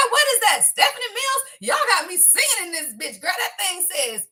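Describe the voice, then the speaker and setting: Woman, tarot reader, high lively voice, profane, hype energy. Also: normal speed. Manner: excitable, profane, laughs and exclaims often; talks straight to viewers as y'all. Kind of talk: casual tarot reading to camera.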